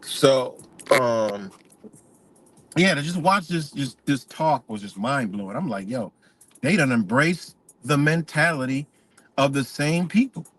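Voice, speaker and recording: A man's voice: medium pitch, animated, a little slow, a bit bright. A man hosting a livestream, ranting in a profane, rambling way and repeating himself. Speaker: channel host. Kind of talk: livestream rant.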